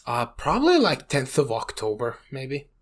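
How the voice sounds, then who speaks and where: A man's voice: medium pitch, huge pitch swings, moderate pace, husky. A young man from Iraq co-hosting a podcast, telling stories in a rambling, swear-filled way and leaning on "you know". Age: young adult. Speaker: podcast co-host. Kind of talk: casual chat.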